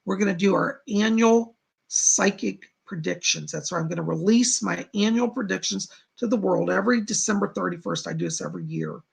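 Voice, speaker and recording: Middle-aged guy rambling on his psychic livestream, super gravelly and kinda husky, chatty with viewers. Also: sits high, sing-song, fairly quick. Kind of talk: casual live-stream chat with viewers.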